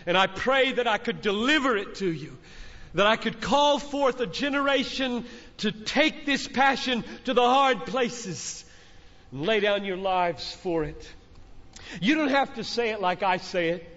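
This middle-aged preacher exhorts his audience from the stage of a big conference hall, repeating his points with fervor. His voice is high, expressive and a bit bright, moving at a measured pace, captured in a dull recording with long reverb from the hall.

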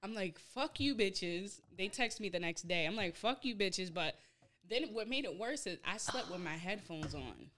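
A young woman telling a story in casual chat, animated and profane, acting out her own reactions. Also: lowish voice, moderate pace. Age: young adult. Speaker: podcast host.

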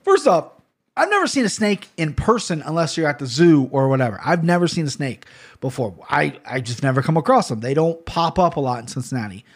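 A man with a somewhat high-pitched voice talks casually about upcoming fights. He rambles, swears constantly, and keeps correcting himself mid-sentence as he jumps from one tangent to the next. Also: husky. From Ohio, USA. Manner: profane, rambling storyteller; fast, excitable tangents with self-corrections. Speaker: MMA fight picks host. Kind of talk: casual chat.

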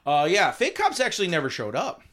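A man plays a blustery, simple-minded husband in an improvised comedy interview. His bright, forceful voice rises and falls widely while he rambles defensively and laughs between his excuses. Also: sits high, wildly swooping pitch, brisk, full character voice. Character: simple-minded beer-selling suburban husband.

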